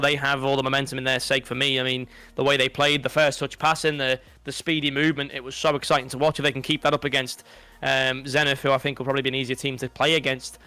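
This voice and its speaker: Bright, crisp-voiced young Scouse man. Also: medium pitch, no room sound. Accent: Liverpool. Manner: rambling, excitable, restarts often. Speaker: co-commentator. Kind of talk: esports pre-match analysis.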